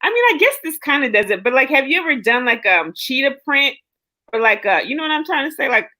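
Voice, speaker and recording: A woman's voice: high voice, fast. A woman chatting casually on a live stream, telling stories with energy and acting out the people in them. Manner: lively storyteller, acting out the people she quotes.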